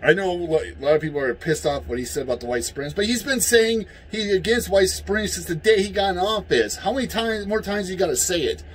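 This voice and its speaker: A man from the United States in a heated, profane political rant, yelling at times. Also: high-pitched, fast, few pauses, slight background noise, poor audio. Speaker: vlogger.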